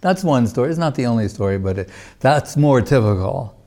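A man with a dark, mellow voice teaches a spiritual class. He tells the story loosely and wanders off on side notes. He keeps dropping in casual asides as he goes. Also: mid-range voice, animated, brisk. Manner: loose, digressive storytelling with many filler phrases. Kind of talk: storytelling religious talk.

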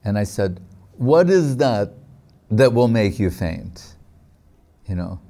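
Man, mellow tone, devotional teacher, reflective storyteller, halting delivery. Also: fairly low pitch, animated. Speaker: spiritual teacher. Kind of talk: devotional discourse.

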